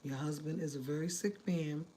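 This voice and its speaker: A woman voicing a male surgeon as she quotes him, grave and quiet. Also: sits low, fairly even intonation, normal speed, breathy edge. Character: grave male surgeon breaking bad news.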